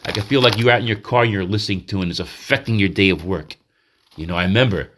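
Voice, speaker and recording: In a manic state, a male podcast host delivers a rambling, confessional monologue full of restarts, constantly interrupting himself. His voice is lowish and fairly bright in tone, he speaks quickly, and there's slight background noise.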